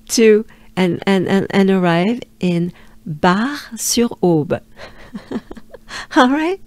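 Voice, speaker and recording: French woman, middle-aged, unhurried pronunciation teacher, dry close sound. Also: mid-range voice, darkish tone, no echo. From France. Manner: repeats words slowly and patiently, laughs lightly. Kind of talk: slow pronunciation lesson.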